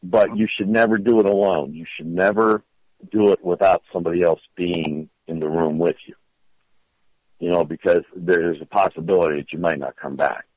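A middle-aged man with a very low voice tells a story in a casual, rambling way, stumbling over and repeating his words as he goes. His voice sounds dry and close, with a slightly dull, lo-fi tone. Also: fairly even intonation, moderate pace, no room sound. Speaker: storyteller guest.

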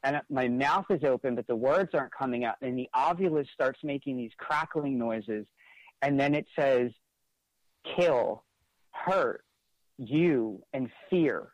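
A man's voice: mid-range voice, moderate pace, dry recording, rough recording. Male interview guest, mid-range voice, earnest storyteller with lots of "like" fillers, recorded dry. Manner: earnest, frequent "like" fillers and restarts. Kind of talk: conversational storytelling.

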